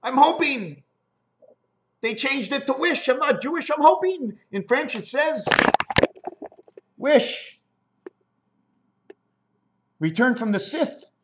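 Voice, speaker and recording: A man in a rambling monologue, riffing on words and spelling out letters in an animated, sing-song way. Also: extremely high pitch, takes it slowly, long pauses, a little hiss or hum. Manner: free-associating wordplay, spelling out letters.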